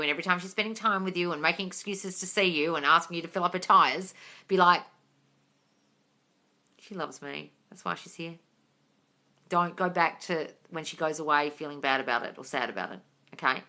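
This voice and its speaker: A woman hosts a casual live Q&A into her phone. Her voice is very bright and sharp. She chats freely, swears, and calls her viewers darling. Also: low voice. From England. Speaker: host.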